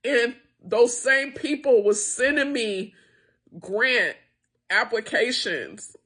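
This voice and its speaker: Taking her time, a middle-aged woman with a slightly high, animated voice that is a bit bright and slightly rough addresses the camera. She founded and owns a small business, and her appeal is emotional and impassioned, full of frustration, with tears near.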